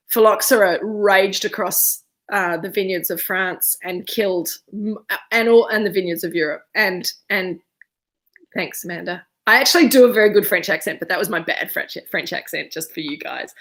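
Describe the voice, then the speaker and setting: A woman's voice: fairly low pitch, normal speed, a bit bright. Chatty woman hosting a video-call wine tasting. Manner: chatty, digressive, easily sidetracked. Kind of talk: casual live-streamed presentation.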